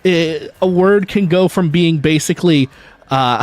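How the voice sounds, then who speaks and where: A man's voice: a little high, measured pace, no room sound. A man chatting casually and jokingly on a gaming livestream, swearing and talking to his viewers. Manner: chatty, jokey, swears and laughs easily. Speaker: streamer.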